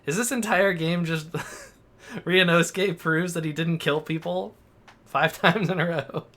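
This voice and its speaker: A man's voice: a little high, measured pace, pushed and bright. A man from Russia giving casual, rambling commentary while playing a story game. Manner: chatty, rambling, filler-heavy reactions. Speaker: let's play gamer.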